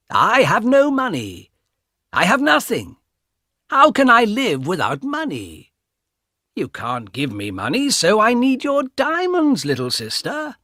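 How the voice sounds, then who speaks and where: A man reading an audiobook, voicing a greedy young man who taunts his sister in a slow, mocking way. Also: high voice, pushed and bright, dry recording, studio quality, pitched above the performer's own voice, exaggerated voice.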